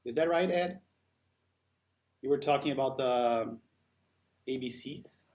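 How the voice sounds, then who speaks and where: A man's voice: mid-range voice, slow, a little mellow. A man hosting a live stream, chatting casually and answering viewer comments while he works.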